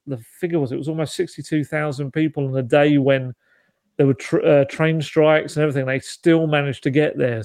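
A man's voice: a little high, vocal fry, darkish tone, no echo. A man co-hosting a football podcast, chatting casually with lots of restarts and asides. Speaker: podcast co-host.

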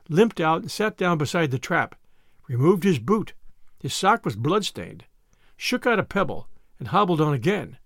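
Dramatic male storyteller for a classic novel; high, animated voice, dry studio booth. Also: no room sound. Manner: dramatic, expressive reading. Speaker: audiobook reader. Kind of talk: scripted narration of a classic novel.

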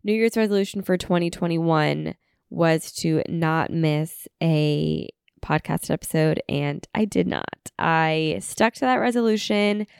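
A young woman hosts a podcast in a casual, chatty way, saying "like" and "um" often and sounding a little congested as she recovers from an illness. Her deep voice is smooth yet gravelly, with a measured pace, in clean studio audio without room sound.

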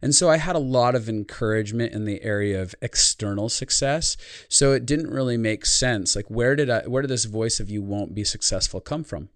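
A man's voice: mid-range voice, normal speed, clean tone, no room sound, studio quality. A man who works as a speaker and life consultant, talking in a podcast conversation, telling a personal story in an earnest, reflective way.

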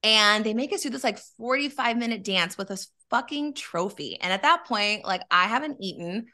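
A woman telling a long personal story in a casual chat, candid and animated, swearing freely. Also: medium pitch, moderate pace.

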